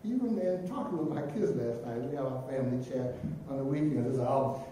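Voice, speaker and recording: A middle-aged pastor preaching a sermon, swinging between loud emphatic lines and near-whispered ones. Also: male voice, a little high, very animated, normal speed. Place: church sanctuary. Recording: very echoey church room from a distance.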